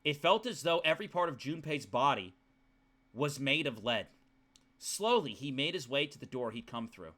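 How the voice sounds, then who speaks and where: A young male streamer reading game text aloud in a hushed low voice and breaking off into profane rants at his chat. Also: lively intonation, moderate pace.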